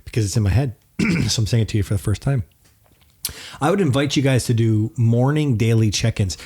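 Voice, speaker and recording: A man's voice: mid-range voice, brisk, dark tone, husky. A man in his thirties with a mid-range voice, co-hosting a casual podcast. He offers earnest advice and pokes fun at himself. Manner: earnest, advice-giving, self-deprecating. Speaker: podcast co-host. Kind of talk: casual chat.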